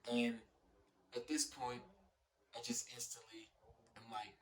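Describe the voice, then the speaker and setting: A young man telling a personal story in a casual vlog, animated, with lots of fillers and acted-out quotes. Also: mid-range voice, takes it slowly, far from the mic. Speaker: vlogger.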